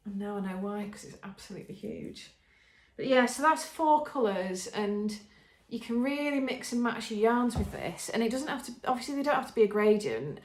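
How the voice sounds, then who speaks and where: A woman's voice: fairly high pitch, expressive, normal speed, a little mellow. Chatty English woman in a roomy room. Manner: chatty, enthusiastic, frequent ums and restarts. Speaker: podcast host showing knitting. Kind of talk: casual show-and-tell chat. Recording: roomy echo.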